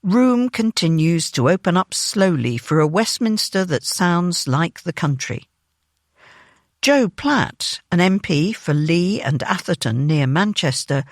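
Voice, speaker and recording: News feature narration, measured reading, lively pitch, dry close studio sound. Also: no room sound. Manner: measured, even reading of a written article.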